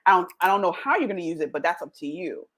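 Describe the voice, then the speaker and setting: A woman's voice: fairly low pitch, animated, quick pace, fairly bright tone. A woman hosting her own podcast, giving a jokey motivational talk and acting out quoted voices as she goes. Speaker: podcast host.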